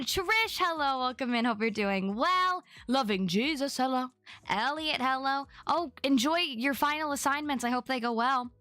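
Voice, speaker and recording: A woman's voice: sits high, bright, forceful tone, no echo. A young adult woman chatting casually on her live stream, bubbly and chatty as she greets viewers by name.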